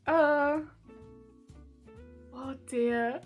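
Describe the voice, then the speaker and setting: A woman's voice: sits high, steady tone, very slow. A woman streaming while she crafts a cosplay, chatting casually, giggling often and reading out her chat. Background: soft background music.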